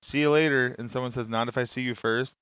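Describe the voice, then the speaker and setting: A man's voice: mid-range voice, steady tone, fast, fairly bright tone, clean tone, no room sound. A young man hosting a talk show, riffing on comedic bits with lots of swearing and laughter. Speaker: podcast host. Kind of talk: casual comedic banter.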